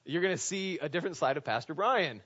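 A male pastor preaching an animated, conversational sermon that is full of rhetorical questions to the congregation. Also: fairly high pitch, quick pace, breathy edge. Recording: dull lo-fi recording.

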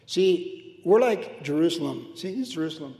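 A man's voice: a little high, expressive, normal speed, gravelly, warm tone. A middle-aged man preaching a sermon as pastor, conversational and humorous, with personal asides. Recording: roomy hall reverb.

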